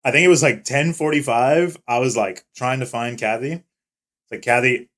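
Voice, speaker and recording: A man's voice: medium pitch, normal speed. A young man co-hosting a casual podcast, telling profane stories and acting out what others said. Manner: swearing, animated retelling with quoted voices. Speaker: podcast co-host. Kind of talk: casual chat, storytelling.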